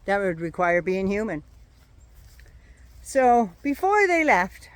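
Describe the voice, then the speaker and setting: A woman's voice: medium pitch, big pitch swings, takes it slowly, dry recording. An older woman vlogging outdoors in her yard, talking to a phone or camera held at arm's length in a sarcastic, mocking casual rant.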